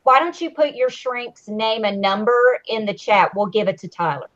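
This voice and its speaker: A woman co-hosting a casual live-stream chat, animated and jokey. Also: on the high side, moderate pace. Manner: animated, jokey, mimics houseguests. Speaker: podcast co-host. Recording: muffled lo-fi audio.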